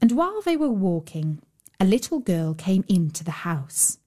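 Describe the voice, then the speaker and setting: A woman narrating a fairy tale in a gentle, measured storytelling manner. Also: medium pitch, big pitch swings. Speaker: storyteller host.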